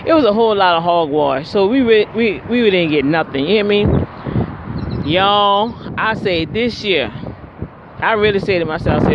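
High-voiced man chatting over loud wind. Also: expressive, normal speed. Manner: chatty, exclamatory, keeps addressing viewers. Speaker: retail store worker. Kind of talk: casual vlog storytelling to viewers. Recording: muffled, loud wind noise.

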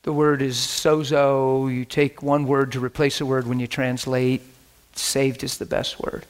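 A man preaching a sermon, telling animated stories and acting out scenes, breaking into laughter, shouts and whispers. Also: mid-range voice, a little slow. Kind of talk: storytelling sermon.

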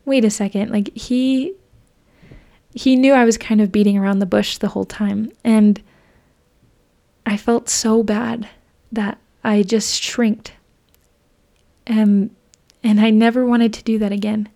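A young woman with a somewhat high, mellow, soft-edged voice tells a personal faith story on her podcast. She is earnest and chatty and often restarts with a quick "like" or "and". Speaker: podcast host.

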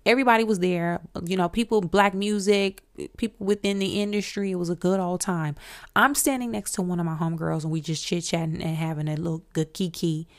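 A woman in her forties hosts a casual podcast and tells her stories with lively bursts of emphasis. Her voice sits a little low, and she sounds excitable and animated. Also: a little fast. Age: 40s. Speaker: podcast host. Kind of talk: casual storytelling.

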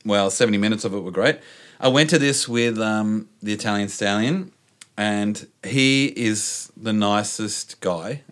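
Animated Australian man talking footy. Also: on the low side, a little slow. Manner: animated storyteller, laughs often. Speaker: podcast host. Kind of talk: casual sports chat.

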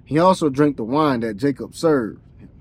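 Husky man reading scripture aloud. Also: medium pitch, normal speed. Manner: reads steadily, trips over words, breaks off with slangy comments. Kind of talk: plain scripture reading with casual asides.

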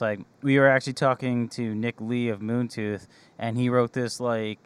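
A young man hosts a casual podcast interview in an easygoing way. His voice is smooth and resonant, at an ordinary pitch. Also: little pitch movement, moderate pace, no echo. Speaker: podcast host and radio host.

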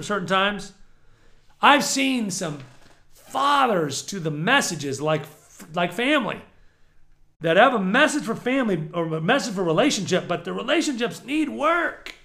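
A middle-aged male preacher delivers a sermon in a high, bright voice. He talks with animated energy, jumping from near-shouts to hushed, low asides. A gravelly edge runs through his speech. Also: normal speed.

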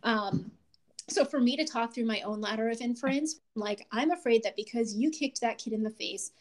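A woman podcast host in her thirties talking casually, animated and laughing often as she acts out quotes. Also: fairly high pitch, moderate pace.

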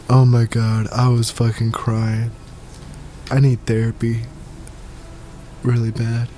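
A man's voice: mid-range voice, steady tone, measured pace, long pauses, mellow, slight background noise. A young man, talking alone in a small home studio in a rambling, profane, self-mocking monologue that he keeps laughing at. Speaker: solo podcaster.

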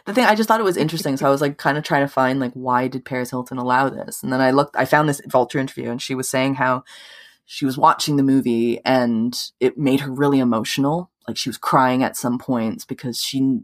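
A woman's voice: extremely low pitch, fairly quick. Brief: female co-host, chatty, filler-heavy, easygoing swearing. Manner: rambling, many "like"s, swears casually. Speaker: podcast co-host. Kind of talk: casual chat.

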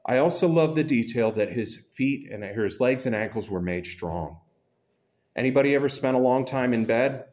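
A man preaching a sermon to his church congregation, talking in a relaxed, conversational way with self-deprecating humor. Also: medium pitch, normal speed. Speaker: pastor.

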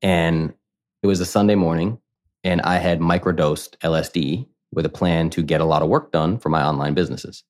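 A man's voice: low-pitched, steady tone, normal speed, a little mellow. A man in his thirties, a podcast guest, telling a candid personal story in a casual, rambling way, full of "like" and acted-out quotes. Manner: candid, rambling, heavy use of "like", acts out quoted voices.

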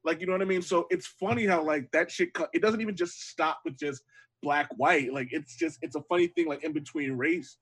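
Husky, slangy man telling stories. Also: on the high side, fairly quick, a bit bright. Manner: rambling storyteller, casual slang. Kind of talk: casual podcast chat.

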